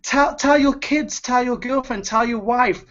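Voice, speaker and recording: A man's voice: very high voice, unhurried, a bit bright. Urgent, pleading man on a lo-fi call. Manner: urgent, pleading, repeats words. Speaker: webinar host. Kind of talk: motivational pep talk. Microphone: video call.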